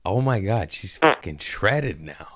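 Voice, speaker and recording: Low-voiced, profane joking podcast host. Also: male voice, big pitch swings, measured pace, fairly bright tone, no echo. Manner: profane, rambling, jokey. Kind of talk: casual comedic podcast chat. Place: podcast room.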